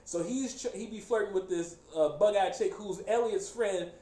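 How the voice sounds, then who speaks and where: Man, host, casual chat, high voice, joking and laughing, echoey room, faint noise. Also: moderate pace. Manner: animated, joking, laughing often.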